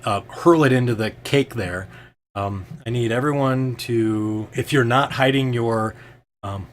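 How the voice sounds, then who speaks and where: A man's voice: mid-range voice, fairly bright tone. Hesitant man narrating a tabletop game. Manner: hesitant, full of ums and restarts. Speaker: game master.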